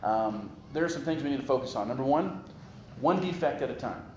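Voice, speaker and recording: Male pastor, mid-pitched, animated sermon delivery with repetition; echoey sanctuary recording with faint background noise. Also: brisk. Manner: animated preaching with rising emphasis and repetition.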